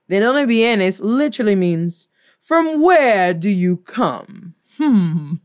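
A woman's voice: medium pitch, darkish tone. Playful, sassy woman teaching Spanish. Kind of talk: casual video lesson.

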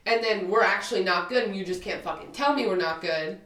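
A woman's voice: medium pitch, fairly quick, a bit bright, recorded from a distance. A woman in her twenties co-hosting a podcast, talking bluntly and emphatically with plenty of swearing. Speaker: podcast co-host. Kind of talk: casual chat. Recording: roomy sound, a bit off-mic.

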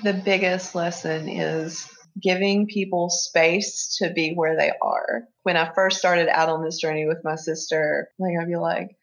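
A woman speaking as an interview guest, earnest and halting, with many fillers and restarts as she talks openly. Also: on the low side, steady tone, poor audio. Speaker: interview guest, family caregiver. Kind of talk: emotional personal conversation.

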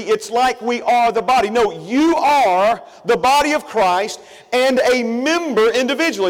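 A man preaching a sermon in a church, talking conversationally with many asides and repeating phrases for emphasis. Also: very high-pitched. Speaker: pastor. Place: church sanctuary. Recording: long reverb of a church hall.

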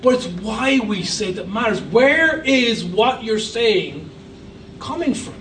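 A man's voice: high-pitched, lively intonation, slow, fairly bright tone, roomy sound, distant mic, a little hiss or hum, poor audio. A man preaching a sermon as a guest pastor, emphatic with humorous asides. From Ireland. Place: church hall.

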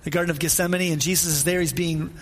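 A man's voice: on the high side, steady tone, fast talker. A man preaching a conversational sermon, repeating phrases for emphasis and putting questions straight to his listeners. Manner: informal, asks listeners questions directly.

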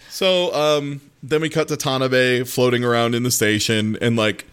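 A man in casual conversation, retelling a story with lots of energy and jumping into quick impressions of the characters. His voice sits at an ordinary middle pitch. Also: steady tone, a bit bright, clean tone. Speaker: podcast co-host recapping an anime. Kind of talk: casual chat.

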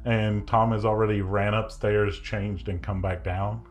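A man narrating a tabletop game as game master, relaxed and chatty with many fillers. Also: on the low side, a little slow, faint music behind.

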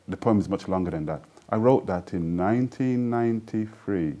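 A man's voice: lowish voice, moderate pace, few pauses, mellow. A middle-aged man, a poet and interview guest, telling stories earnestly and reciting his own verse. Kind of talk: interview conversation.

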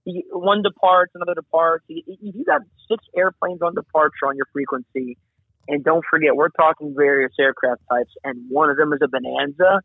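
Chatty air traffic controller on a phone line. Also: male voice, fairly high pitch, a little fast, vocal fry, breathy edge, no echo. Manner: animated, chatty, acts out radio calls. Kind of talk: casual interview explanation.

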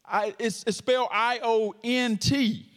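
A man's voice: very high-pitched, steady tone, unhurried, fairly bright tone. A man preaching a sermon with a stutter, joking playfully with the congregation. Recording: long hall reverb.

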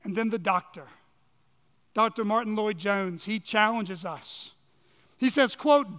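High-voiced man preaching in an echoing hall. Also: normal speed, fairly bright tone. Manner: earnest, emphatic, asks rhetorical questions. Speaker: pastor. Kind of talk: sermon. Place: church sanctuary. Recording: long reverb of a large hall.

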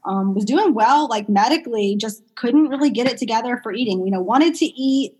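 This young adult woman is a pediatric medical speech-language pathologist appearing as an interview guest. Her voice sits a little high and slightly rough, and she talks briskly and chattily, full of fillers, retelling stories with animation. The recording is rough.

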